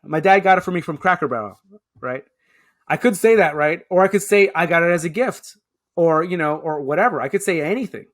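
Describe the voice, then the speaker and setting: Here a man in his 30s speaks a little high and fairly quick. He's a Queens, New York public affairs officer guesting in a conversational interview, stressing his points and checking in with "right?" as he talks.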